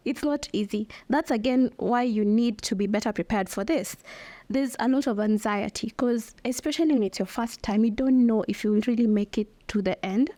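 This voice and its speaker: A young woman talks openly on her solo podcast, expressive and laughing often as she speaks to her listeners. Her voice sits a little high. The sound is dry and close, with no room echo. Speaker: podcast host. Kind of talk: candid solo podcast talk.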